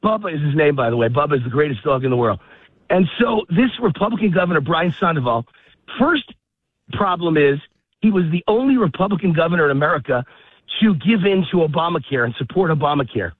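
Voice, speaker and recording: A man's voice: on the high side, animated, breathy edge, no echo. A man guesting on a political talk radio show, ranting heatedly and out of breath as he walks his dog in a park, calling in by phone. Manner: fast, heated ranting with rising emphasis. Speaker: guest commentator. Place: outdoors in a park, walking. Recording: phone-line call, dry.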